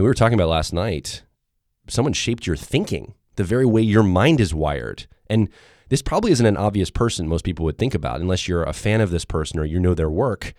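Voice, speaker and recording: A man co-hosting a casual podcast, his voice hoarse and run-down, deep and rough, talking in an easygoing way. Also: mellow, no echo, clean studio sound. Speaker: podcast co-host.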